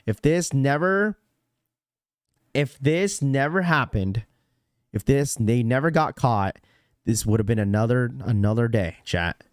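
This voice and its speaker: A man's voice: medium pitch, expressive, a little slow, long pauses, clear, resonant tone, no room sound, studio quality. Chatty young man rambling on a livestream. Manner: rambling, repeats himself, lots of "you know" fillers. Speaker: livestream host. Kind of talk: casual livestream chat, reading chat messages aloud.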